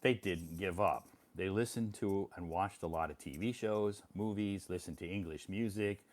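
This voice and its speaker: Relaxed American man, lowish voice. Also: moderate pace. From United States. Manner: relaxed and encouraging, repeats phrases, reads out viewer comments. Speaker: English teacher hosting a live stream. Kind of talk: casual live-stream chat.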